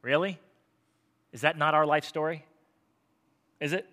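A man preaching a sermon, telling the story in a lively, conversational way and acting out the characters' lines. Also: on the high side, unhurried. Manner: animated storytelling with acted-out quotes. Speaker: pastor.

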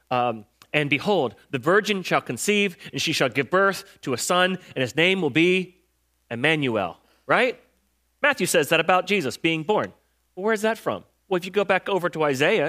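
A man's voice: fairly high pitch, sharp tone. A man preaching a sermon in a casual, conversational way, retelling Bible stories in slang and quizzing listeners with rhetorical questions. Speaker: pastor.

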